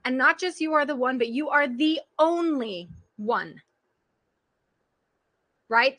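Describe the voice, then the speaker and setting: A woman's voice: high-pitched, bright, forceful tone. A woman coach giving an earnest motivational talk on a group call, speaking straight to her listeners and laughing often. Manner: earnest, direct address to listeners, frequent laughter. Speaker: parenting and life coach.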